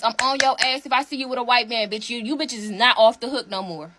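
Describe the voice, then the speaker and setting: A woman's voice: fairly high pitch, brisk, noisy background. A woman delivering a heated, profane rant straight to camera.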